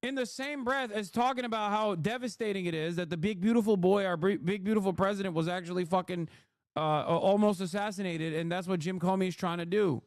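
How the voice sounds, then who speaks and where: Man, high voice, streamer rant, profane, exasperated, dry close mic. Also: a little fast, dry recording. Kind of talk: ranting live-stream commentary.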